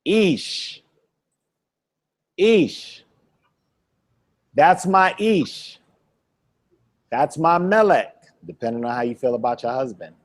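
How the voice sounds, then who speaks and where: A man's voice: a little high, sing-song. A man teaching a Hebrew vocabulary lesson, quizzing a student, repeating each word and laughing often. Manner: repeats words slowly for drilling. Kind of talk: classroom lesson.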